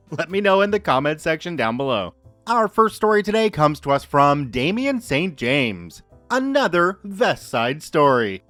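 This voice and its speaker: A man hosting a story podcast, reading listener posts aloud in a lively, expressive way. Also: fairly high pitch, no echo. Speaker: podcast host reading stories. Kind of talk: narrating Reddit stories.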